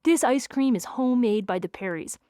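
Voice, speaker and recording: A woman's voice: fairly high pitch, expressive, a little fast, warm tone, smooth, dry recording, studio quality, lightly acted. A woman voicing an easygoing young male country music star in an audiobook.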